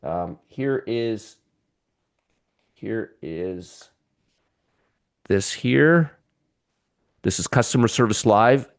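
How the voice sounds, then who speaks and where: Middle-aged man, lowish voice, host of a live market show; excitable and joking, talks right to the viewers. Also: extremely slow, long pauses, clear, resonant tone.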